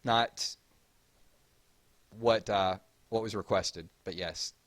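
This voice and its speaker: Male livestream host, Southern drawl, a bit low-pitched, casual and talkative with chat. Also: slow. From Georgia, US. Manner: chatty, reads chat aloud and gives shout-outs.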